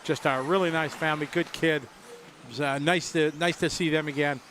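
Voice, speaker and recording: A man's voice: on the high side, fairly even intonation, moderate pace, a bit bright, slight background noise. A man from the United States giving live race commentary, chatty and upbeat. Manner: chatty, upbeat, laughs easily.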